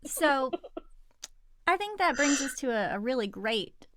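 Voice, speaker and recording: A woman with a high, lively voice co-hosting a podcast, speaking slowly in a relaxed, chatty way. Her tone is bright and the sound dry. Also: dry recording. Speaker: podcast co-host. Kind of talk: casual chat.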